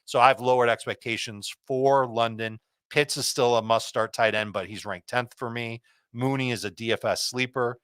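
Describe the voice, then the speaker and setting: A man with a mid-range voice rattles off fantasy football picks in a confident, quick-fire way. The recording is close and dry, with no room sound. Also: medium pitch, fairly even intonation, fairly bright tone, clear, resonant tone, no echo. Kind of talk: quick start-sit advice.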